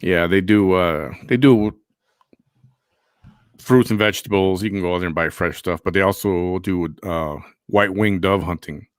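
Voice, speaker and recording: A man's voice: low voice, normal speed, no room sound, studio quality. A man hosting a casual chat show, rambling and repeating himself. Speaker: host.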